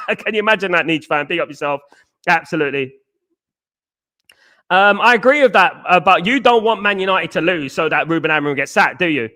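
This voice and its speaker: Reading chat comments aloud on a fan live stream, this male host is blunt, casual and repetitive, constantly dropping "mate" and "big up." His voice is a little high with a sharp tone.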